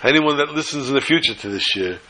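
A man's voice: mid-range voice, animated, quick pace, sharp tone. A man giving a storytelling talk to a small gathering, folksy and fond of joking asides.

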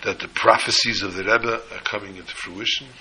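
A man's voice: on the low side, steady tone, fairly quick, sharp tone, slight background noise, rough recording. A man preaching a sermon, telling a parable in an emphatic way and mixing in Hebrew and Yiddish terms. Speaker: rabbi.

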